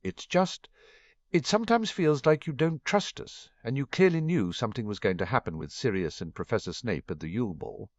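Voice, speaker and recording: A man's voice: mid-range voice, animated, no echo, pitched above the performer's own voice, natural voice. A man voicing an earnest bookish teenage girl. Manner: earnest, talks in quick rushes. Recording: dull, muffled dry recording.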